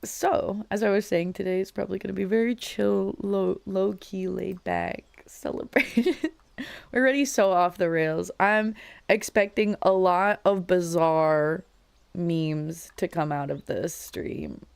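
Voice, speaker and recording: A woman's voice: mid-range voice, measured pace, vocal fry, smooth, no room sound. A young adult woman live streamer in casual, rambling chat with her viewers, laughing often, her voice cracking a little.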